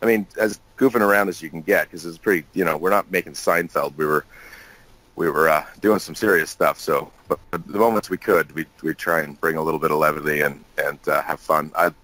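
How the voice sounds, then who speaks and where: Deep-voiced man telling jokey stories. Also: fairly even intonation, fairly quick, fairly bright tone, dry recording, low-quality recording. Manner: jokey, laughing, many restarts. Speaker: guest actor. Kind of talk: casual interview storytelling.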